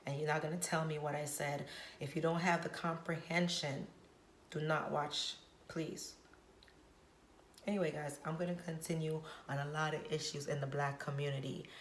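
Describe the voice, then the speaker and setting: A woman with a fairly low voice vlogs straight to camera, retelling a story from her work as a hairstylist. She talks in an emphatic, preachy way and drives her points home by repeating them. The recording carries a roomy echo. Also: little pitch movement, normal speed, slight background noise. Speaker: hairstylist vlogger. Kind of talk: direct-to-camera storytelling vlog.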